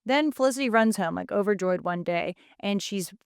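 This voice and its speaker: Woman podcast co-host, smooth clear voice, dry close recording, animated casual recap. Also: mid-range voice, no room sound. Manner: animated storytelling, acting out characters in quick asides.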